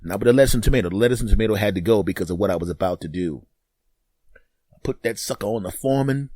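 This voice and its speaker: A man's voice: fairly low pitch, rapid-fire, darkish tone, no echo, clean studio sound. Brash trash-talking man in his fifties. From Northeastern US. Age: 50s. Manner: brash, trash-talking, laughs at own jokes. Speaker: podcast host. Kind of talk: comedic monologue.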